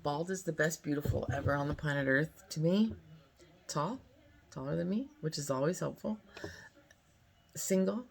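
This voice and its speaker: Gravelly-voiced chatty woman in her fifties. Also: deep voice, normal speed, pauses often. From California. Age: 50s. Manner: chatty, rambling, many fillers. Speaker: vlogger. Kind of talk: casual storytime chat.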